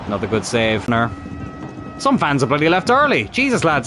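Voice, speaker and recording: A man's voice: on the high side, huge pitch swings, moderate pace, background noise. A man commentating his own football game as he plays, exasperated and swearing, urging on his players. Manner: frustrated, swearing, talks to the players on screen. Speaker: gaming YouTuber playing a football career mode. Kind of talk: live gameplay commentary.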